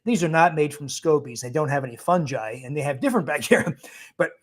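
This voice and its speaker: Fielding viewer questions live, this guest doctor speaks with a fairly high, animated voice. He's brisk and emphatic, laughs in frequent chuckles, and bluntly waves away poor advice.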